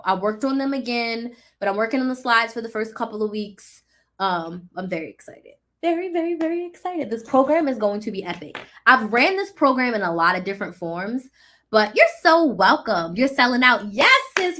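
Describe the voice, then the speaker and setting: A woman talks to her live-stream viewers in a loose, chatty way, and her voice sits a little high. She is excitable and animated and drops slang freely as a business coach. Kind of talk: casual live-stream chat.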